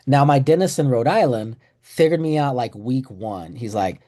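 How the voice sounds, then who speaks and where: Speaking at a moderate pace with hardly a pause, a middle-aged man from Texas trains clinicians in a relaxed webinar on a video call. His medium-pitched, mellow voice has lively intonation, and he jokes at his own expense while performing the voices of people he quotes.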